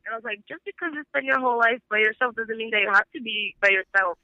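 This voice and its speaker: A woman's voice: fairly high pitch, fast talker, dry recording. A woman, calling in and retelling a fight in heated, swearing bursts. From Brazil. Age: 20s. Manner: heated, swearing storyteller who acts out quoted dialogue. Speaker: caller. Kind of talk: casual phone call. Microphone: phone. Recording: bright thin phone line.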